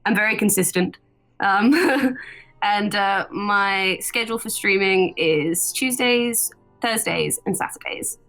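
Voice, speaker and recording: A woman's voice: mid-range voice, slow, fairly bright tone, faint music behind, poor audio. A young woman, a voice actress, chatting casually and cheerfully as an interview guest, laughing often. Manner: giggly, chatty, upbeat.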